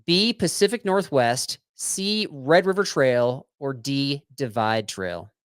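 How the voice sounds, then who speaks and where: A man's voice: medium pitch, slow, clear, resonant tone, no echo, studio quality. A man co-hosting a podcast, playfully reading trivia questions like a teacher and thanking supporters in casual chat. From Colorado. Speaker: podcast co-host.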